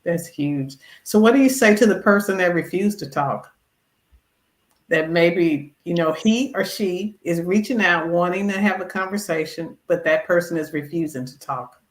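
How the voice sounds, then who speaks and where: A woman hosting an interview. She speaks softly, with short affirmations and gentle questions. Her voice carries a roomy echo. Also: on the low side, normal speed. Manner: soft-spoken, brief affirmations. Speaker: host. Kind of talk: interview host. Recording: roomy, echoey sound.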